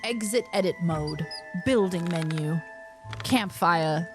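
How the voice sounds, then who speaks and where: A young woman streaming a game, chatting playfully and reading on-screen prompts aloud in an excitable way. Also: medium pitch, moderate pace. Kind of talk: casual let's-play commentary. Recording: game music underneath.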